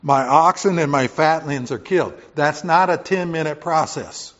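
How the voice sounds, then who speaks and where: A man preaching a sermon to his congregation in a folksy way, swinging from loud emphatic points to quiet offhand asides. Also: a little high, moderate pace, dull audio. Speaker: pastor.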